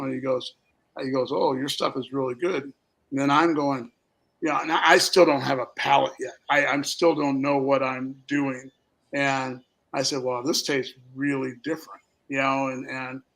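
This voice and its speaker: A man's voice: mid-range voice, creaky, bright, forceful tone, poor audio. A middle-aged man from Minnesota telling rambling stories as a guest on a talk show, acting out the voices of the people in them. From Minnesota, USA. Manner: rambling anecdotes, acts out quoted voices. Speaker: guest, spirits company founder. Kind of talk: casual storytelling.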